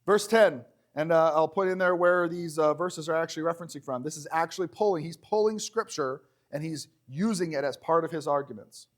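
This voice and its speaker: A man preaching a conversational sermon in a church, animated and joking, slowing down when he reads scripture. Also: on the high side.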